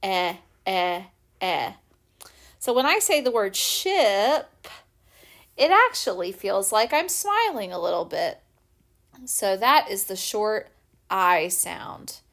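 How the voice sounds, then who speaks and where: A woman teacher giving a recorded spelling lesson for young children, patiently and clearly sounding out letters. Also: medium pitch, very animated, slow pace, fairly bright tone. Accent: American.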